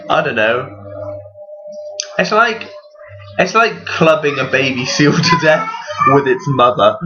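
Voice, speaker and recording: A man's voice: medium pitch, fairly bright tone. Rambling, profane young-sounding man. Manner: profane, rambling, laughs often. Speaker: vlogger. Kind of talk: casual rambling monologue. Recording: dull lo-fi recording.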